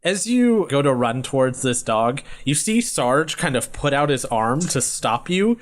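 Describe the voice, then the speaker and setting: A man's voice: mid-range voice, sing-song. Man narrating as game master. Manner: descriptive, brisk narration with laughs.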